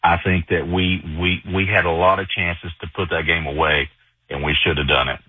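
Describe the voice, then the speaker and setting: Deep husky man on a phone line. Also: level tone, no echo. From Arkansas. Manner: halting, repeats words while thinking. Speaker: caller. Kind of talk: casual call-in sports chat.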